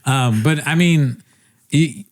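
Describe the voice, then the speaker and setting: A man co-hosting a podcast, soft-spoken and quiet, joking and teasing his co-host. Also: medium pitch, slow. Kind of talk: casual podcast chat.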